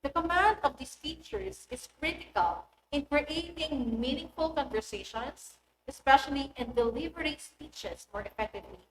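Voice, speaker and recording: A woman, a teacher giving a recorded English lesson in a clear, deliberate voice that stresses key words. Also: high voice, expressive. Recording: echoey room with faint noise.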